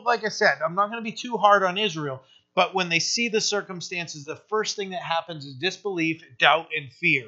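Bright-voiced man preaching a casual sermon. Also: on the high side. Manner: rhetorical questions, asks "right?" often. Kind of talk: conversational sermon. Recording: dull lo-fi sermon recording.

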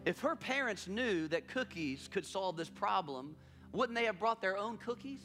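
A man's voice: high voice, lively intonation, moderate pace, a bit bright, faint music behind. A man preaching a sermon as pastor, telling a story with emphatic repetition.

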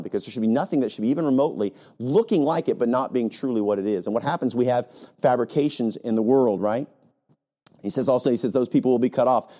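A male pastor delivering a sermon with a warm, mellow tone. He drives each point with rhetorical "guess what?" and "right?" asides and sometimes mimics other preachers. His voice sits at an ordinary middle pitch.

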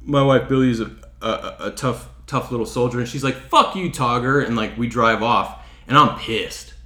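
A man from Chicago tells a story in loose, casual chat, swearing freely and getting worked up. He acts out the lines of the people in it. His mid-pitched voice rings a little in a roomy space. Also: fairly even intonation, moderate pace, a bit bright. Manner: profane, heated, acts out quotes.

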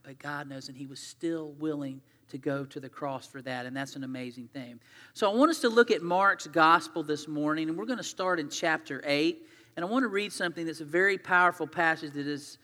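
A man's voice: on the high side, fairly bright tone, long reverb tail. A man preaching a sermon as pastor, earnest and conversational as he retells scripture in his own words.

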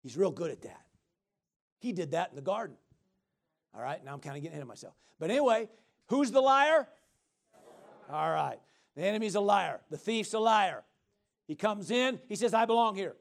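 Middle-aged guy preaching, high voice, animated, calls out to the crowd, laughs and shouts. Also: normal speed, creaky, long pauses. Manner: animated, call-and-response with congregation, bursts of laughter and shouting. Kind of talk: sermon.

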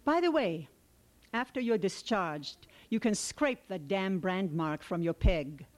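A kindly middle-aged army medical officer, paternal and encouraging toward a young soldier, as a woman reads him. The voice sits at a middle pitch, close to the reader's own. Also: expressive, slow pace. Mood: fatherly. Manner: warm, paternal.

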